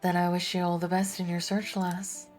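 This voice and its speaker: A woman voicing a calm, kindly older male ship captain who speaks in a measured, gentle way. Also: fairly low pitch, faint music behind, close to an everyday voice.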